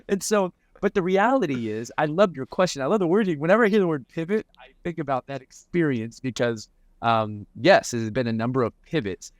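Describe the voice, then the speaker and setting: A man's voice: medium pitch, very animated, a little fast, no echo, studio quality. A man answering interview questions as a mental performance coach, reflective and often repeating words as he starts a thought.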